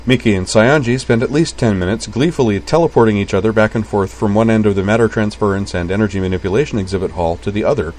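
A man narrating a story aloud with a low voice. His delivery is even and wryly understated. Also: fast talker, few pauses. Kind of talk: reading fiction aloud.

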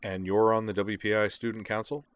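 A man's voice: on the low side, little pitch movement, fairly quick, dry recording, lightly acted. A man voicing a burly, easygoing police sergeant in his forties as he reads a story aloud. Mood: questioning. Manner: easygoing, polite questioning. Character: burly middle-aged male police sergeant, friendly.

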